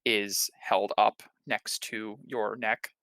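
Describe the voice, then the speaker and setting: A man running a tabletop game as game master, narrating in a relaxed, halting way with many fillers. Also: lowish voice, creaky. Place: home room, streaming.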